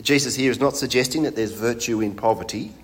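A man's voice: mid-range voice, fast. A man preaching a sermon in a conversational way, putting rhetorical questions to his congregation.

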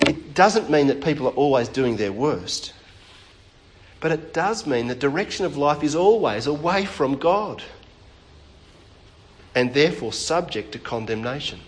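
Higher-voiced New preacher. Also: male voice, animated, unhurried, long pauses. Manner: conversational, chats with the congregation, frequent restarts. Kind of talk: sermon. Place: church.

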